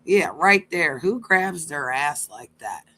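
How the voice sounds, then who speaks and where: Low and expressive, this woman's voice moves at a slow pace against some background noise. Hosting a stream, she gives blunt, profane reaction commentary and talks brashly straight to her viewers.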